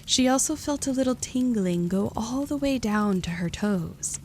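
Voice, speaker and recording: A woman narrating a gentle storybook tale in a calm, even reading. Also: on the high side, a little slow, slight background noise.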